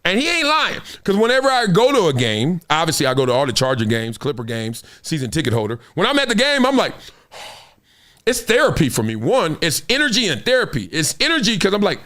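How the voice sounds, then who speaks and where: Middle-aged male host, high and lively voice, storytelling commentary that jumps from loud bursts to low asides. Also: fairly quick. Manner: storytelling, swings between big high bursts and low asides, laughs often. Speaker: show host. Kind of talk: animated solo commentary.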